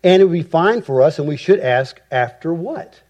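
A man preaching an expository sermon, with emphatic rhetorical repetition and deliberate phrasing. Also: a little high, animated, a little mellow. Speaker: pastor.

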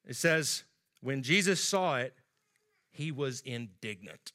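A man's voice: mid-range voice, lively intonation, slow, pushed and bright. A man preaching a sermon in a conversational way, acting out the quoted lines with rising emphasis.

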